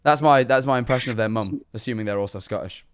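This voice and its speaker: A man's voice: mid-range voice, quick pace, smooth. A man streaming, playing a priest in a comedic role-play, joking and playful.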